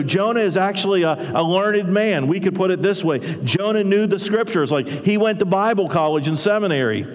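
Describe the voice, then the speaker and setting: A man preaching a sermon in a church, speaking in a conversational way and acting out the grumbling voices of his listeners. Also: fairly high pitch. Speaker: pastor. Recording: long hall reverb.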